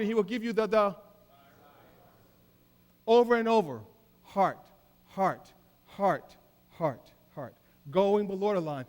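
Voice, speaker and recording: A middle-aged man preaching a keynote sermon, emphatic, swinging between loud declarations and soft asides. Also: high voice. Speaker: keynote speaker. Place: large hall. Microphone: handheld mic. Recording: live in a reverberant hall.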